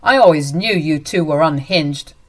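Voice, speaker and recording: A woman reading as a cruel young husband caught in his lies, dismissive and stammering. The voice sits a little low. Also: lively intonation, moderate pace. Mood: defensive.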